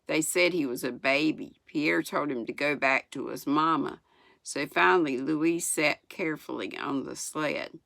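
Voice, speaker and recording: A woman in her sixties from the United States, reading a children's book aloud in an unhurried way. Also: deep voice, creaky, a bit bright, no room sound. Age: 60s. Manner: unhurried, chuckles at the story. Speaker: storyteller.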